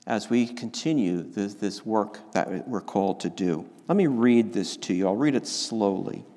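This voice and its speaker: A man preaching a sermon, slow and emphatic, often restarting his phrases. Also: fairly low pitch, dark tone. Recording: long reverb of a large hall.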